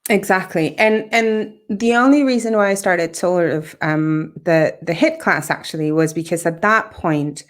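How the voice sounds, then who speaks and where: A woman guest on a podcast, telling a personal story in a lively, conversational way and acting out what others said. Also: on the low side, measured pace, few pauses. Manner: animated, acts out quoted dialogue, laughs often.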